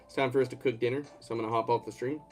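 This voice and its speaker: A man's voice: mid-range voice, steady tone, rapid-fire. Guy from georgia rambling on his stream at home, faint music behind. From Georgia, USA. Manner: rambling, reads and answers chat. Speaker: live streamer. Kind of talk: casual live-stream chat.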